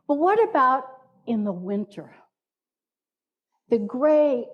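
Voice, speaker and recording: A woman's voice: on the high side, darkish tone, lo-fi sound. A woman minister giving a playful sermon in a church, inviting the congregation to repeat words with her. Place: church sanctuary.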